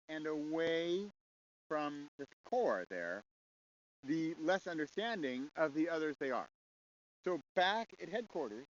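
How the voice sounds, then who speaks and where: A man hosting a casual monologue, rambling with rhetorical questions and frequent chuckles, on a slightly dull recording with faint hiss. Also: a little high. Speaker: host.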